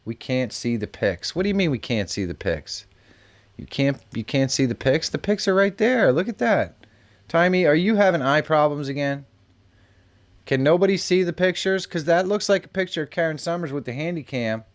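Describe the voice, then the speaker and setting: A man's voice: a little high, lively intonation, moderate pace. A middle-aged man hosting a live stream, chatting casually, reacting to messages and laughing often. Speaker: live show host. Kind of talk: casual live-stream chat reading comments.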